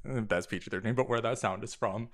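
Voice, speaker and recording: A man's voice: fairly low pitch, quick pace, crowd noise. A young man co-hosting a casual sibling podcast, giggling through a story. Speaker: podcast co-host.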